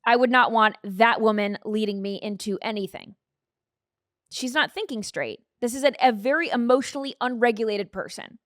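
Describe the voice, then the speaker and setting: A woman's voice: on the high side, moderate pace, dry recording, studio quality. A woman hosting a live-stream commentary show, chatting in an opinionated way and reading out viewer comments. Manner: opinionated, conversational, reads out comments. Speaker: host.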